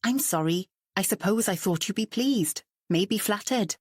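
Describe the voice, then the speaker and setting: A woman's voice: mid-range voice, lively intonation, unhurried, a little mellow, breathy edge, no echo, studio quality. Woman reading a nervous, defensive woman artist.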